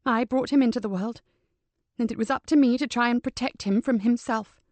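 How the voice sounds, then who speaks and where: A woman's voice: fairly high pitch, fairly quick, dry recording, voice pushed up, lightly acted. A woman reading a composed, grave older mother. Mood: tender. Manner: even, controlled, softly dignified.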